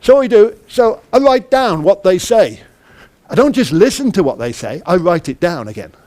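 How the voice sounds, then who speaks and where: Man with a high voice leading a hands-on workshop session; keeps asking the audience questions. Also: very animated, normal speed, a little mellow. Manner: quizzes the audience and acts out little dialogues. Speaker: conference speaker, project manager. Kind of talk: interactive workshop talk.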